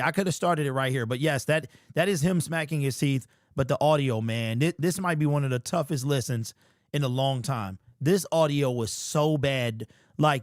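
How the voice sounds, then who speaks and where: Male sports host, lively high-pitched reactions, casual slang, dry mic. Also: dry recording. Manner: animated, exclaiming and slangy.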